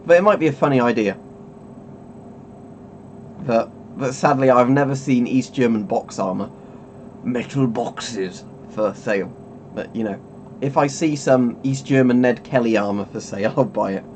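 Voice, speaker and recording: A man's voice: medium pitch, normal speed, long pauses, slight background noise. Rambling man chatting on stream. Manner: rambling, chuckling, self-interrupting. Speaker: streamer host. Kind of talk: casual webcam stream chat.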